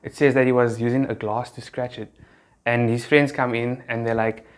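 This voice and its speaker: A young man from South Africa speaks straight to camera in a relaxed, conversational way, as if explaining the story to friends. His voice sits at an ordinary middle pitch, and the talk is loose and full of casual fillers. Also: normal speed, clean tone. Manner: laid-back and chatty, full of slang and fillers. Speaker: youth group speaker.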